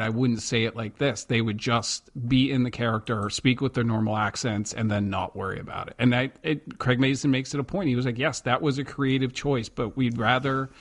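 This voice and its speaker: A man co-hosting a podcast in casual chat, talking in an animated way with lots of restarts. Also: medium pitch. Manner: chatty, animated, many restarts. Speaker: podcast co-host.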